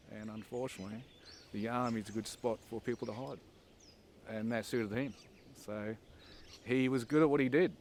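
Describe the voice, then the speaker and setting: A man with a fairly low, creaky voice recalls his army training in a documentary interview, with a little hiss or hum on the recording. A former recruit, he tells his anecdotes casually and wryly, peppered with "um"s and "and"s.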